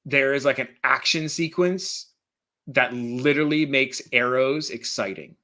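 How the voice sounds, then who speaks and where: Excited guy co-hosting a chat show, bright forceful voice, laughs a lot. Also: medium pitch, unhurried. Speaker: co-host. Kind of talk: casual chat.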